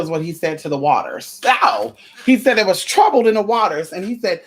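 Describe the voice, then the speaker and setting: A tired, sweaty vlogger preaching a profane, sermon-style rant to viewers, calling them honey and girl, stammering restarts, shouting ow, and reading scripture slowly and dramatically. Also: mid-range voice, expressive, breathy edge. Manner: sassy, calls listeners honey and girl.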